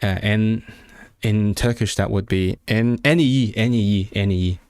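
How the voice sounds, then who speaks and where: Chatty low-voiced male streamer. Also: normal speed, darkish tone, smooth, no echo. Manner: chatty, self-interrupting, sounds out foreign words. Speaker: language-learning streamer. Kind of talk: casual live-stream chat.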